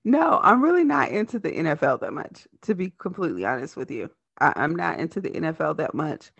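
Podcast host, woman with a lisp, lively pitch and a gravelly edge, fast casual chat. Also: no echo, lo-fi sound. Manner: talks fast, animated and laughing.

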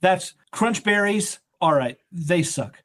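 Male podcast host: slightly high voice, rambling, jokey delivery. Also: animated, takes it slowly, fairly bright tone. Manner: joking, rambling, laughs often. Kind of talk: casual sports podcast chat.

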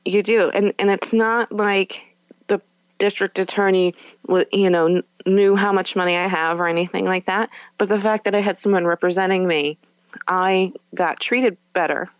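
A woman's voice: medium pitch, steady tone, normal speed, smooth, no room sound, muffled recording. A woman guest on a podcast, candidly recounting a personal experience in a conversational way, with fillers and self-corrections.

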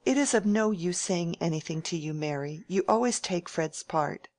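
A woman's voice: on the low side, lively intonation, moderate pace, darkish tone, lightly acted. A prim, genteel young lady, as a woman reader voices her. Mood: prim, plaintive. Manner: mild and genteel, plaintive when pressed. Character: prim, mild, self-righteous young woman. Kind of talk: audiobook character reading.

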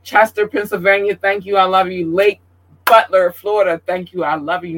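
A man from Georgia, USA, with a drawl and a fairly high voice hosts a casual livestream chat at normal speed. He's emotional, outspoken, and animated, wearing his heart on his sleeve and cursing freely, though the audio is poor.

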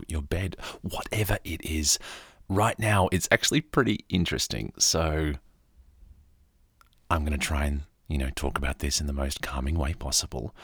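Australian man, calm story narrator, soft and rambling, deep, dry close sound. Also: husky, dry recording. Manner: soft-spoken, rambling asides. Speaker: podcast narrator.

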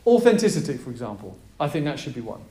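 A pastor delivering a sermon to a gathered group, emphatic and energetic, drawing in the audience with prompts and questions. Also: male voice, medium pitch, quick pace, roomy sound.

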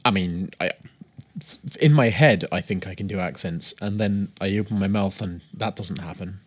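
A man co-hosting a podcast, with dry deadpan humour and occasional bursts of surprise. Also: low voice, moderate pace, slightly rough. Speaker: podcast co-host. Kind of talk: casual podcast chat.

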